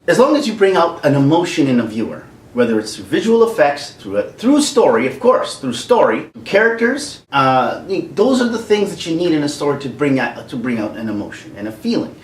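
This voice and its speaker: A man in his forties on a casual rant, his pitch swinging up and down a lot as he laughs and acts things out. His voice sits a bit high for a man, and it sounds roomy and away from the mic. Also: a little fast, hardly any pauses, distant mic. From Canada. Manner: animated, laughs often, acts out quotes. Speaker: vlogger.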